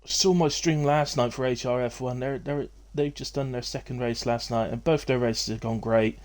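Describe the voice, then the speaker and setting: A man's voice: mid-range voice, fairly even intonation, normal speed, a little mellow. Rambling streamer man. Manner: rambling and self-deprecating, with many fillers and restarts. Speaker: live-stream host of a racing league. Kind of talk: casual live-stream commentary.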